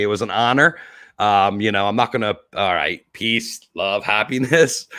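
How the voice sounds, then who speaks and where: Man, livestream host, casual rambling chat, choked up, animated pitch, dry close sound. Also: dry recording. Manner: rambling, emotional, full of fillers and restarts. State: choked up, teary. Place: home.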